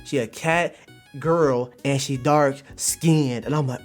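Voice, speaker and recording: A man streaming live, telling stories in an animated, slang-filled way with big swings in pitch and loudness. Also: slow, faint music behind. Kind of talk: casual live-stream commentary.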